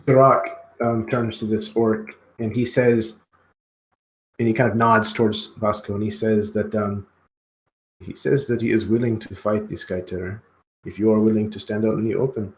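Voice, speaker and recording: A man's voice: lowish voice, level tone, normal speed, echoey room, a little hiss or hum, rough recording. A man playing a tabletop game, describing his character's actions hesitantly. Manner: hesitant, thinks aloud. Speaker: player. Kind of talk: casual tabletop play.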